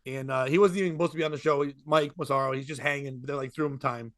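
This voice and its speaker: A man's voice: medium pitch, dry recording, studio quality. A man telling a long rambling comedy story in casual podcast chat. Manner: rambling, animated, quick asides and laughs.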